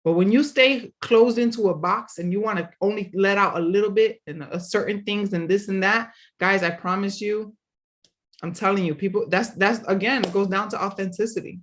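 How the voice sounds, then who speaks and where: A woman's voice: mid-range voice, moderate pace. A woman hosting a casual motivational talk, earnestly encouraging listeners directly. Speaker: podcast host.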